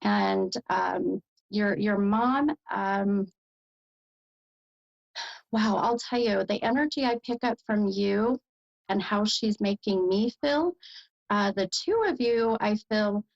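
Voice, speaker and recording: An American woman with a gravelly, fry-tinged voice gives a psychic medium reading, full of ums and pauses. The sound is dull and lo-fi. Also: medium pitch. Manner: hesitant, lots of fillers, animated bursts of delight.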